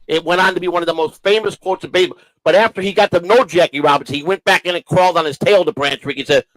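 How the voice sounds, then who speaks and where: A man hosting a casual talk show, telling long rambling stories with halting restarts. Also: high voice, fairly bright tone, no echo, low-quality recording. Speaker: show host. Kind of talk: casual storytelling chat.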